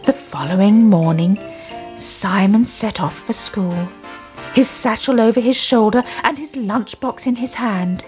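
A woman reading a children's story aloud in a slow, expressive storytelling manner. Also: medium pitch, soft background music.

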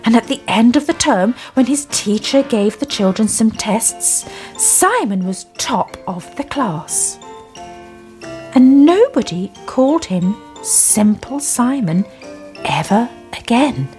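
Storyteller: woman, lively sing-song reading, unhurried. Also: fairly high pitch, faint music behind.

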